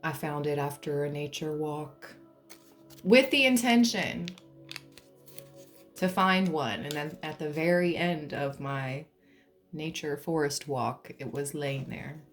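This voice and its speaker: A woman with a low voice gives an unhurried, joking tarot reading. She keeps things light and sometimes breaks into song. Soft music plays faintly behind her. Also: steady tone. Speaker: tarot reader. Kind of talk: pick-a-card tarot reading.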